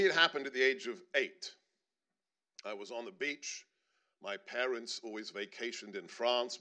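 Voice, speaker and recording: Bright-voiced middle-aged man giving an earnest speech. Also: on the low side. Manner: earnest storytelling with emphatic rises. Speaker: panelist speaker. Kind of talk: personal speech at a panel. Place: stage at a panel event.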